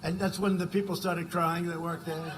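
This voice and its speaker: Older man, rally speech, rambling asides, punchy shouts, high voice, faint background hiss. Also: little pitch movement, moderate pace. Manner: rambling, conversational asides, sudden shouted lines. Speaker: political rally speaker. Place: political rally.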